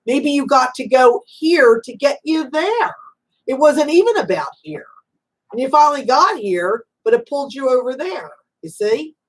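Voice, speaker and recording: High-voiced emphatic woman hosting readings. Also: sing-song, normal speed. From Italian-American background. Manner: warm, emphatic, motherly, calls guests honey and sweetie. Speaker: psychic reader and show host. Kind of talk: live call-in spiritual reading show.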